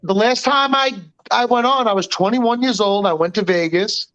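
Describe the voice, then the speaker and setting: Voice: medium pitch, normal speed, fairly bright tone, muffled recording. Emphatic, cursing podcast co-host. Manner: profane, emphatic. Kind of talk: casual podcast chat.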